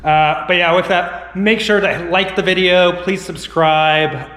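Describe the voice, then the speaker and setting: Man, slightly hoarse, casual rambling vlog talk, lots of fillers, echoey room, long reverb. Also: high-pitched, steady tone, measured pace, a bit bright, slight background noise. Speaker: vlogger and online reseller. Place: inside a house.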